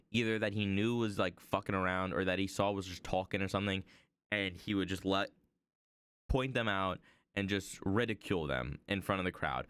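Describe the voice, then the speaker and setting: Rambling young man with a smooth low voice. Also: fairly bright tone, no room sound. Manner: rambling, heavy on fillers. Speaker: streamer. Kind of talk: casual storytelling while drawing.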